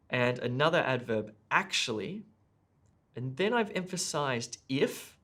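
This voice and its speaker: A man teaching a speaking lesson, explaining clearly and stressing key words. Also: medium pitch, expressive, measured pace, fairly bright tone. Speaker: English test tutor.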